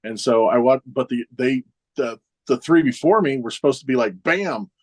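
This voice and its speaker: Speaking at medium pitch and an ordinary speed, a man in his forties who wrestles professionally tells backstage anecdotes in an easygoing interview. He slips into other people's lines as he goes, with plenty of chuckles along the way.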